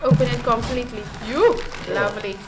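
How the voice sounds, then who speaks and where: A high-voiced woman, chatting playfully and reacting with lively relish. Music plays clearly behind her. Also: fairly quick. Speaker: guest. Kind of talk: casual chat while tasting food.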